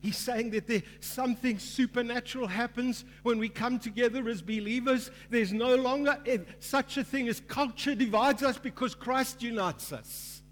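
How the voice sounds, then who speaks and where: A man's voice: very high-pitched, normal speed, hardly any pauses. A male pastor preaching a sermon with growing fervor, acting out the voices in a parable he tells. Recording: long hall reverb, faint mains hum.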